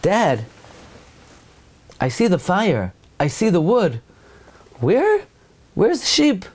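Man playing an anxious young son, high, plaintive, pleading, worried. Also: wildly swooping pitch, slow, a little mellow, exaggerated voice. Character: anxious young son questioning his father.

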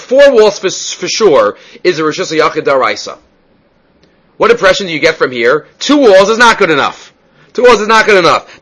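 A man's voice: fairly high pitch, fairly bright tone. A man giving a Talmud class, reading Hebrew and Aramaic phrases and explaining them step by step. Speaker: Talmud teacher.

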